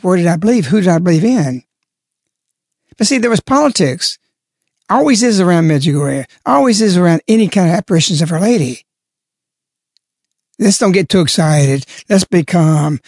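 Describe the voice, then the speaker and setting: A man's voice: high voice, a little mellow, no echo, studio quality. A man giving a spoken religious reflection, stressing and repeating key words as he explains. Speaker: lay religious speaker.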